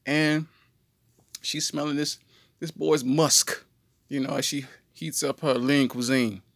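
A man telling a comedic story on a podcast in an animated, slangy way. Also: fairly high pitch, slow, vocal fry, no echo, studio quality. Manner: animated, slangy, jumps into voices. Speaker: podcast co-host.

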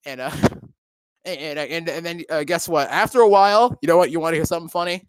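A man's voice: on the high side, fairly quick, dry recording. A young man telling a story in casual chat, rambling and profane with many fillers and restarts. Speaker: co-host.

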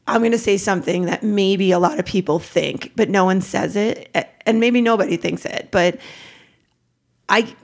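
A woman in her forties, a podcast guest, talking candidly and haltingly about painful memories, with nervous laughs to lighten things. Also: mid-range voice, gravelly. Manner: halting, emotional, self-deprecating, laughs through hard moments. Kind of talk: candid personal interview.

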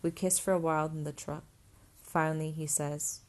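A woman narrating a first-person novel as an audiobook, in a steady, even reading voice. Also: sits low, moderate pace.

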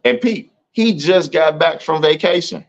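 A man co-hosting a podcast, telling a work story in casual chat, acting out other people's lines in a higher voice and often asking "you know what I'm saying". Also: unhurried. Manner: animated, acts out quoted voices in a higher pitch. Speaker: podcast co-host. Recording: dull lo-fi sound.

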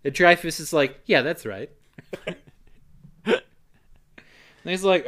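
Higher-voiced man recapping a movie. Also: expressive, a bit bright. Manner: brisk storyteller quoting characters in quick voices. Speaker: podcast co-host. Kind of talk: casual movie recap chat.

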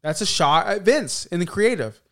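Male co-host, slightly high voice, animated wrestling banter, quick to mock and laugh. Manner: animated, mocks stiff promos in a robotic voice. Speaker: podcast co-host. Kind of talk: casual wrestling chat.

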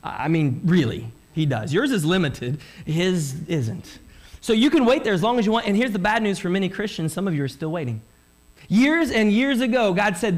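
Preaching his Sunday sermon at a brisk pace, this pastor has a high voice. He stays animated throughout, asking rhetorical questions and speaking out his listeners' thoughts.

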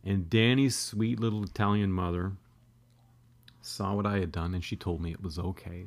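A man's voice: on the low side, fairly quick, creaky. A man in his thirties telling a comedic, profane, self-deprecating childhood story as a podcast host.

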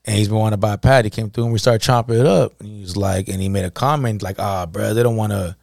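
A man's voice: on the low side, fairly even intonation, fast talker, creaky, darkish tone, no echo, clean studio sound. A man co-hosting a casual podcast, telling a story in heavy slang and acting out the quoted dialogue. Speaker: podcast co-host.

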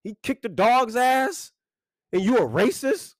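Casting: a high-voiced man who swings his pitch widely, speaking in a profane rant, close and dry. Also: measured pace, dry recording. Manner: animated, profane, ranting with emphatic repetition. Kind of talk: profane monologue.

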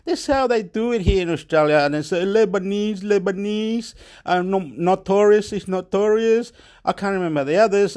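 A man from Chile, talking in a rambling, profane monologue in broken English that jumps between loud and soft. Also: high voice. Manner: excitable, repetitive, swings loud and soft.

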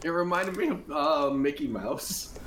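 A man's voice: a little high, lively intonation, unhurried, fairly bright tone, slight background noise. A man playing a tabletop game, chatting casually, giggly and hesitant with lots of ums. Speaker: player.

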